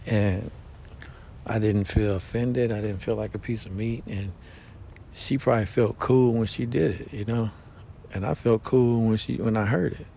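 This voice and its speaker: A man's voice: fairly even intonation, normal speed, creaky, warm tone. A man talking casually in a rambling, slangy way, full of fillers and restarts. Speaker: podcast host. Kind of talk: casual monologue. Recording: dull lo-fi sound with faint rumble.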